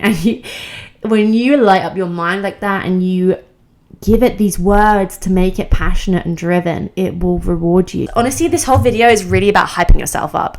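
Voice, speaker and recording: A young self-improvement creator gives a casual motivational talk to camera in a lowish voice with a darkish tone. She's bubbly and emphatic, often laughing mid-sentence as she makes her points.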